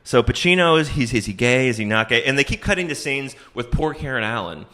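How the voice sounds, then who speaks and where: Man animatedly recapping a movie. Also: medium pitch. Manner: animated storyteller, acts out characters in quick voices. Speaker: podcast co-host.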